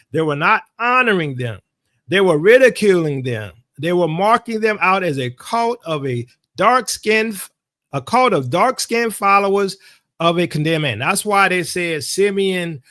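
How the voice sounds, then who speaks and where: A man's voice: high voice, a bit bright, no room sound, clean studio sound. A man teaching in a sermon style, emphatic and insistent, repeating his key phrases for weight. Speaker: Bible teacher.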